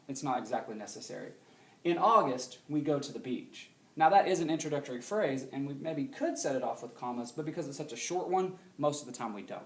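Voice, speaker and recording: A male teacher giving a recorded grammar lesson in a classroom, explaining steadily and often checking understanding with a quick question. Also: on the high side, darkish tone, echoey room.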